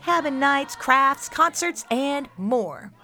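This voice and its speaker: A woman's voice: high voice, lively intonation, slow, a crowd in the background. A woman hosting a children's show, giving upbeat scripted narration and speaking straight to young listeners.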